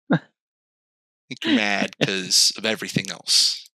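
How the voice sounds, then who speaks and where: A man co-hosting a podcast in casual chat, animated and swearing, acting out outbursts. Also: deep voice, slow pace, creaky, no echo. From California. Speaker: podcast co-host.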